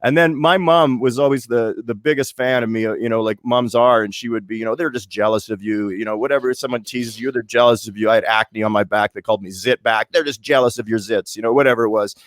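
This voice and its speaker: A man from Winnipeg in his late forties, co-hosting a podcast and telling a story in lively casual chat, acting out the voices as he goes. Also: medium pitch, fast talker, hardly any pauses, dry recording, studio quality. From Winnipeg, Canada. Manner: animated storyteller, restarts and acts out voices. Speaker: podcast co-host.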